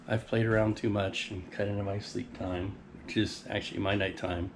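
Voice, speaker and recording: A man walks outdoors around town and beside a flooded river, giving a rambling, offhand running commentary into a small handheld external mic for a casual walking vlog. His voice is lowish and steady at normal speed, and the phone-style recording is noisy.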